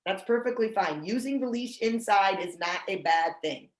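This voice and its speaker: A woman's voice: medium pitch, expressive, normal speed, reverberant, slight background noise, low-quality recording. A woman training service dog owners over a video call, chatty and self-deprecating, often restarting her sentences. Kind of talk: casual online training talk.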